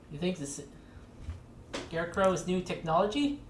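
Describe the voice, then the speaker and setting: A woman's voice: lowish voice, big pitch swings, normal speed. A woman talking casually and wryly as she plays through a story game. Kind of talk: casual let's-play commentary. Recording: echoey room with faint noise.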